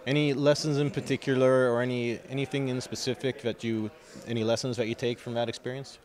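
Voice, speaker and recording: A man's voice: mid-range voice, little pitch movement, a little fast, darkish tone. A man interviewing a fighter in a gym, asking long, rambling, chatty questions. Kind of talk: casual sports interview. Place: sports gym.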